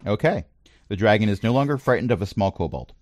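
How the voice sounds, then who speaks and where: A man's voice: on the low side, lively intonation, quick pace, dry recording. A man running a tabletop game as dungeon master, narrating playfully.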